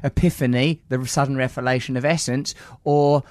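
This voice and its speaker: A man's voice: mid-range voice, fairly even intonation, normal speed, darkish tone, dry recording. A man hosting a casual interview, joking and teasing as he riffs on ideas. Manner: playful, teasing, riffs with jokes. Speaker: host.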